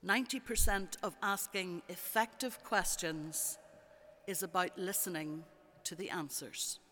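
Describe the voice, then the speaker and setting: Slow, measured preacher in a reverberant church. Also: mid-range voice, sharp tone, slight background noise. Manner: measured, rhetorical, repeating phrases. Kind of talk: sermon.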